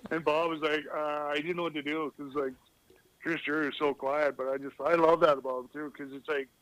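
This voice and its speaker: A man's voice: on the high side, flat delivery, brisk, fairly bright tone, no room sound, low-quality recording. A middle-aged man who used to play pro hockey, telling loose, rambling stories as a guest on a casual podcast and laughing at his own anecdotes. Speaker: guest, retired hockey player.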